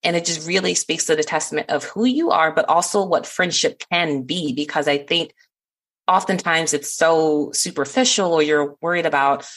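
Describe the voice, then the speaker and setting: Woman podcast host, low voice, earnest and warm. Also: moderate pace. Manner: earnest, warm-hearted, laughs often. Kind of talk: heartfelt conversation.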